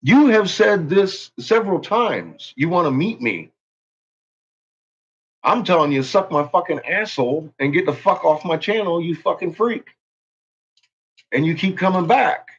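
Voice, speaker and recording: A YouTuber with a high, expressive voice and a breathy edge delivers a furious rant, profane and full of swaggering threats. He takes his time, leaving long pauses, and the audio is dull.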